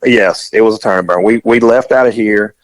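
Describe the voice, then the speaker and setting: Man spinning a lively yarn. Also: on the low side, fairly quick. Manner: animated, acts out the dialogue in his story. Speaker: guest telling a story. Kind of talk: casual storytelling chat.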